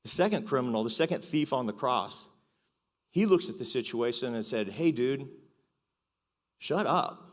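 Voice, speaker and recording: Brief: male preacher, middle pitch, conversational and self-mocking, long church-hall reverb. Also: lively intonation, fairly quick. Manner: conversational, confessional, joking asides. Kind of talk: sermon. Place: church auditorium.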